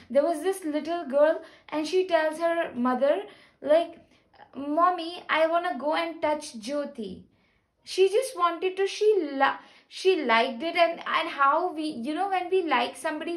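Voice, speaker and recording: A woman talking casually to camera in an earnest, rambling, gentle way, with many restarts. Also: high-pitched, rough recording. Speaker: spiritual vlogger. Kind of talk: casual personal talk to camera.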